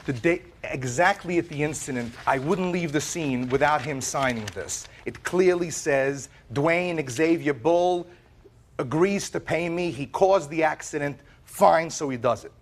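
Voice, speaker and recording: A man giving animated, emphatic testimony as plaintiff on a televised courtroom set. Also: fairly high pitch, a little slow, slight background noise.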